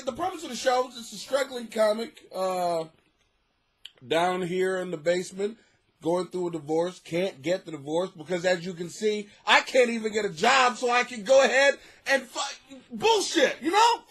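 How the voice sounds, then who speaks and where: A man from the United States talks in a high, very lively voice, hosting his own comedy podcast from a home basement. He rambles and swears freely, dropping to quiet mutters and then rising to near-shouts. He laughs often as he talks. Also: normal speed. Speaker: podcast host, struggling comic. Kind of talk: casual comic monologue.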